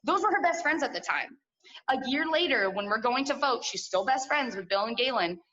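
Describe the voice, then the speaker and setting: A woman's voice: fairly high pitch, expressive, a little fast, bright, forceful tone, dull audio. A woman in her twenties telling a personal story at a story slam, candid and profane, full of likes and asides, heard over a video call.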